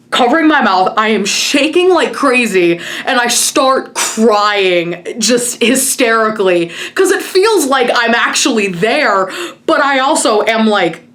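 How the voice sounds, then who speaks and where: A woman's voice: medium pitch, fairly bright tone. A woman vlogger telling a personal story in a chatty way, full of "like" and retold conversations. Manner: chatty, full of "like" and quoted retellings. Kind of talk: casual storytelling to camera.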